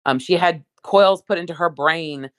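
A woman's voice: on the low side, normal speed, clear, resonant tone, no room sound. A woman talking in casual chat, rambling with lots of asides.

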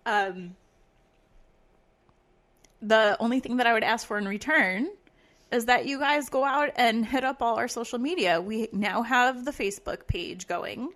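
A woman's voice: a little high, unhurried, fairly bright tone. A woman co-hosting a casual podcast, rambling with many fillers and frequent laughs. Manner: rambling, giggly, lots of fillers. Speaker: podcast co-host.

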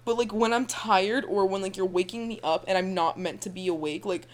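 A woman's voice: medium pitch, a little fast. A young woman co-hosting a casual podcast chat, rambling with lots of fillers and frequent laughs. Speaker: podcast co-host.

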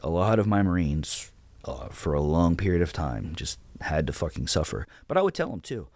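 Deep and a little mellow, this man's voice swings widely in pitch at a moderate pace on a dry recording. In his thirties and blunt with plenty of profanity, he tells a podcast host casual stories about commanding his platoon, reciting the orders he issued.

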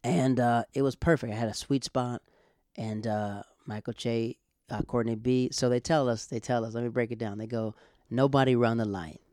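Man comedian from Florida, loose animated storyteller, mid-pitched voice, dry close sound. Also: moderate pace, no echo. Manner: rambling, animated, repeats himself. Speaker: stand-up comedian. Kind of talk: casual storytelling to camera.

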